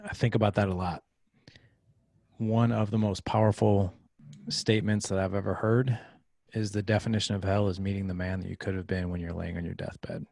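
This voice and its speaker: A man's voice: deep voice, little pitch movement, brisk, gravelly, a little mellow, no echo, clean studio sound. A man in his thirties, a podcast guest, telling a personal story in casual conversation and acting out the voices of people in it.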